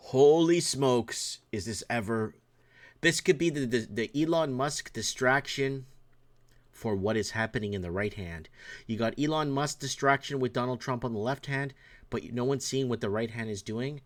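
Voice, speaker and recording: A Canadian man hosting a solo livestream, reading news items aloud and then breaking into excited, opinionated rants to his viewers in a room indoors. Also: mid-range voice, moderate pace. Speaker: show host.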